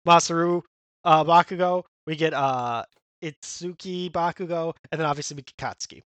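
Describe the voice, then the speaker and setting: Higher-voiced man chatting casually, dry sound. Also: fairly bright tone, no echo. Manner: rambling, many fillers and restarts, quick quoted character lines. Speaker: podcast co-host. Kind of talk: casual chat recapping a manga.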